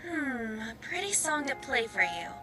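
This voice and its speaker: An actress playing a gentle, caring young woman in a video game, speaking softly and reassuringly. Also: a little high, big pitch swings, normal speed, soft background music. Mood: tender. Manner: soft, tender, reassuring. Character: gentle young female pianist student, caring.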